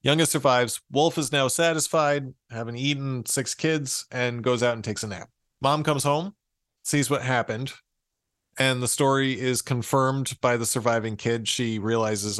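A man in a casual podcast chat, retelling an old fairy tale with frequent amused laughs. His voice sits at an ordinary middle pitch, and the recording is dry and close, with no room sound. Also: fairly even intonation, normal speed, a bit bright, no room sound. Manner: amused, laughs often while reading. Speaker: podcast co-host.

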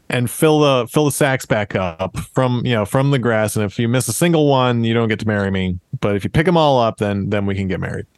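A man's voice: medium pitch, lively intonation, fairly quick, clean tone, no room sound. Guy in his 30s telling a fairy tale for laughs, dry close mic, chatty. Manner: retells a fairy tale with jokey asides and laughs. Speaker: podcast host. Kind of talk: casual storytelling chat.

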